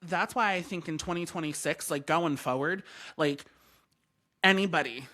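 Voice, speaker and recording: A man's voice: on the high side, normal speed, pushed and bright. A man hosting a casual podcast chat, talking emphatically and repeating his points for stress. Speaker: podcast host.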